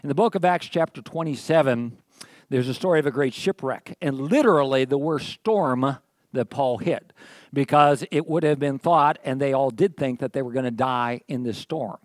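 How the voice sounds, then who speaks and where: A man's voice: mid-range voice, moderate pace, dry recording, studio quality. A middle-aged man preaching a sermon, telling stories in a folksy, conversational way and often checking in with his listeners. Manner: conversational, folksy storytelling with frequent "okay?". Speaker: pastor.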